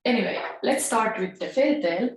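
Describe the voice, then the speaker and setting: A woman's voice: fairly high pitch, animated, brisk, a little hiss or hum. A woman from Finland giving a casual tarot reading and reading a fairy tale aloud, with a Finnish accent tinged with Italian and a musing, chatty manner. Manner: musing, chatty, laughs often. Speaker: tarot reader. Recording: echoey room.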